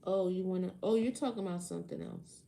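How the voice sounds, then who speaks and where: On a casual livestream, a woman reads tarot and answers chat commenters with a sarcastic edge, swearing as she goes. Her voice is lowish, creaky, and dark in tone, and she speaks quickly.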